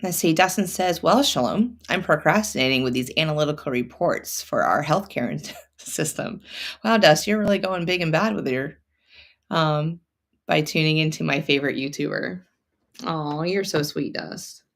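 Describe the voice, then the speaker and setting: Gravelly-voiced woman chatting while sewing. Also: low voice, lively intonation, normal speed. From North Carolina. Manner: chatty, reads viewer comments aloud. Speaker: quilting livestream host. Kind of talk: casual chat while sewing. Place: home sewing room. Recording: faint sewing machine noise.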